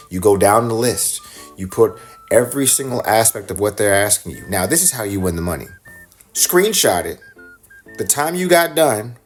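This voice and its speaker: A man hosting a podcast, giving repetitive step-by-step instructions in a teasing way and putting on a British accent. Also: sits low. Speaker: podcast host. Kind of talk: recorded promo announcement.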